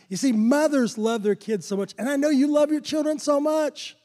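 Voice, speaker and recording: A man's voice: extremely high pitch, moderate pace, hardly any pauses, warm tone, long reverb tail. An older man preaching a sermon in a church sanctuary, fervent and repetitive, with chuckles. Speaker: pastor.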